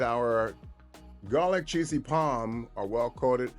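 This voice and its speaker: A cooking show host chats casually on his own video while showing the dish, speaking slowly in a mid-range voice with faint music behind him. Relaxed and talkative, he repeats himself and restarts phrases.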